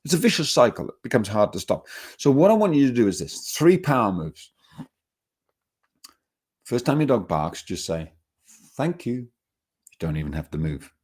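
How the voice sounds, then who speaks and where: A man's voice: lowish voice, moderate pace, pauses often, husky. Emphatic man teaching dog training. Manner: lively, emphatic, acts out scenes. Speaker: dog trainer giving a seminar. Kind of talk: seminar talk.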